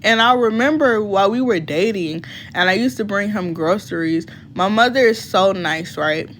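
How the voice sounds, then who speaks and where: Casual vlogger woman, mid-pitched, animated storytelling, curses freely, pitch leaps up when she's fired up. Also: normal speed, slight background noise. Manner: animated, voice jumps high when she gets heated; blunt and profane.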